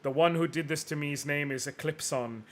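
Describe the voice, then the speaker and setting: A man's voice: on the high side, steady tone, normal speed, natural voice. A man voicing an arrogant, cruel villainous knight from a game, reading the lines theatrically with music playing behind him. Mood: remorseful. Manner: theatrical, gloating, swings to shouting rage. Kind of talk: dramatic reading of game dialogue.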